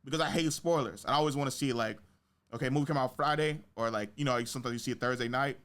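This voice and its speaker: Young male podcast host, casual and slangy, rambling anecdotes, mid-pitched voice. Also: fast talker. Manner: animated storytelling with big pitch jumps in quoted reactions; slangy, profane speech. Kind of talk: casual chat.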